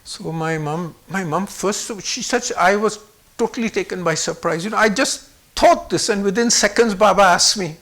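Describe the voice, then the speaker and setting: A man in his seventies, originally from Pakistan, recounting personal memories in an animated way, changing his pitch and volume to act out what other people said. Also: moderate pace. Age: 70s. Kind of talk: personal storytelling.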